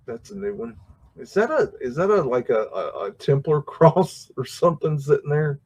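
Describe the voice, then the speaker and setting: A man's voice: fairly high pitch, sing-song, moderate pace, darkish tone, husky. Rambling man musing over old photos. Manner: rambling, chuckling, many fillers and restarts. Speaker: livestream host. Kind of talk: casual commentary on old photos.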